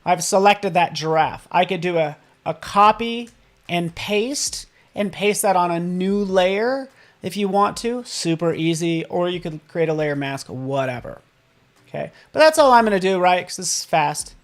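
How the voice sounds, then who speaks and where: A man hosting a live software tutorial, upbeat and playful, often checking in with the viewers and tossing in silly sound effects. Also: high-pitched, animated, measured pace. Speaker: design software instructor.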